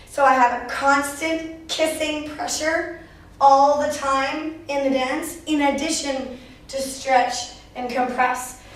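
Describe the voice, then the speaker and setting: A woman's voice: high voice, steady tone, takes it slowly. A woman co-teaching a dance class, stating the rules of the dance firmly and summing up the lesson. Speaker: dance instructor. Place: dance studio. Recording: very echoey room, mic far off.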